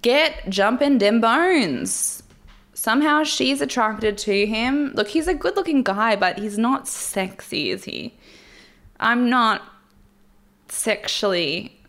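A woman talking on her own into her podcast mic, recapping in a candid, loose, wry manner. Her voice sits at an ordinary middle pitch for a woman. She chats casually, laughs often and makes frank asides. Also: fairly bright tone. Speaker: podcast host. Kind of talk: solo casual recap commentary. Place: at home alone with her cats.

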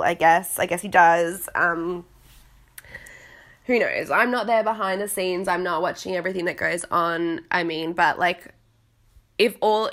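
A woman with a lowish, fairly bright voice hosts a casual podcast chat recapping a reality show. She's gossipy and dramatic, uses lots of filler words, and acts out other people's quotes.

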